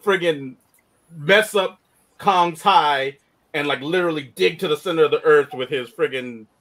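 A man hosting a casual movie talk, animated, often laughing and restarting his sentences. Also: on the high side, moderate pace. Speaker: podcast host.

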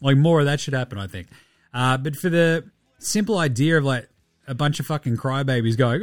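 A man's voice: mid-range voice, expressive, normal speed, pauses often, no echo, clean studio sound, faint music behind. A man with an Australian accent hosting a podcast in casual sports chat, blunt and sweary, often mocking others in put-on quotes. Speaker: podcast host.

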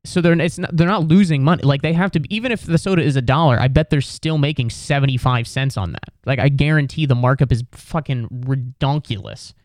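A man's voice: medium pitch, brisk, few pauses, a little mellow, no room sound, studio quality. A man telling a rambling, exasperated comedic story in a casual, profane rant.

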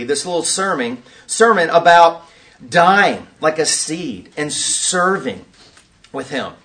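A man leading an interactive teaching session at a conference, quizzing his audience in an animated way. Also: on the high side. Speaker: workshop teacher.

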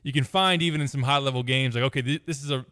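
A man co-hosting sports radio who breaks the game down in long runs and slips in dry jokes. His voice is mid-pitched. The sound is close and dry. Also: racing, fairly bright tone, dry recording. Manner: talks in long analytical runs, jokes dryly. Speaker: radio co-host. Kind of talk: casual sports radio chat.

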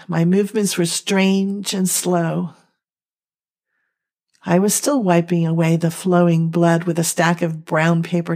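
A young woman telling a dramatic first-person story in a slow, emotional, halting reading. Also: on the low side, darkish tone. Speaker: narrator.

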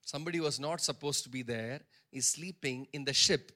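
A man's voice: mid-range voice, brisk, bright, forceful tone. A male pastor preaching a sermon, stressing points by repeating phrases and acting out the characters' words in his own voice. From India.

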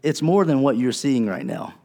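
A male pastor preaching a sermon in a conversational way, acting out the people he quotes and dropping to a low, soft voice for emphasis. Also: big pitch swings, normal speed, vocal fry. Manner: wide swings in loudness, drops low and soft for emphasis.

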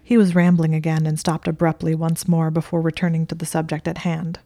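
Warm low-voiced woman reading a story. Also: completely flat delivery, brisk, hardly any pauses, no room sound, studio quality. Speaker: reader. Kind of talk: reading a fan story aloud.

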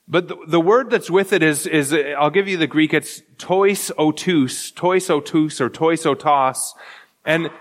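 A man's voice: fairly high pitch, a bit bright, big-room sound. A man preaching a sermon as pastor, earnest and repetitive, often restarting his phrases.

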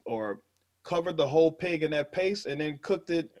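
Lively podcast dude, slangy and cussing, voice jumps all over, kinda high. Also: male voice, moderate pace. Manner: animated, joking, swears freely, slangy. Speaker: podcast co-host. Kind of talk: casual chat.

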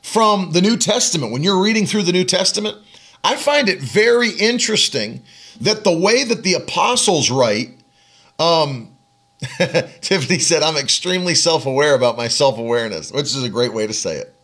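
A man with a husky, slightly raised voice teaches from the Bible on a live stream. His pitch rises and falls a lot as he talks loosely, circling back over his points and reading viewers' comments aloud. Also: expressive, moderate pace, fairly bright tone. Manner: conversational, repeats himself, reads out comments.

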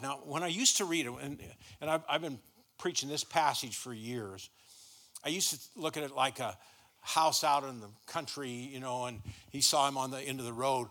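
A man's voice: medium pitch, moderate pace, sharp tone. A middle-aged man preaching a sermon in a church, folksy and stumbling over repeated words as he starts his sentences. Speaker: guest pastor.

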